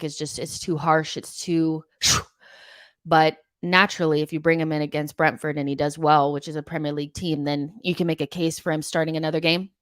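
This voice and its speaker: A young woman hosts a live football fan stream, reading viewer comments and weighing in bluntly. Her voice sits low and sounds dry and close. She talks loosely, with frequent ums and likes. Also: dry recording. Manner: chatty, many ums and likes, frank opinions. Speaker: host of a football fan show.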